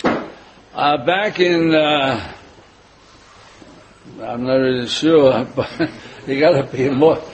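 An older man, a rabbi, preaching a sermon and weaving in a personal story with frequent pauses and fillers. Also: medium pitch, rough recording. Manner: rambling, many filler pauses, chuckles at own jokes.

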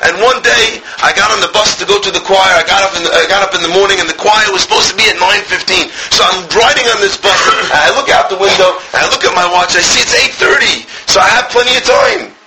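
A man, a rabbi and school director, preaching a sermon passionately, crying out at times and dropping to a hush as he tells stories. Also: high-pitched, animated, quick pace, hardly any pauses, background noise. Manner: impassioned, swinging from cries to hushed storytelling. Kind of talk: sermon with storytelling.

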